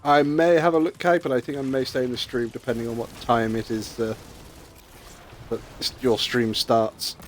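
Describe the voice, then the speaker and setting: A man's voice: medium pitch, little pitch movement, moderate pace, faint music behind. A man hosting a live game stream, chatting casually and rambling with friends, laughing easily and swearing now and then. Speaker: streamer and host. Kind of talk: casual chat while gaming.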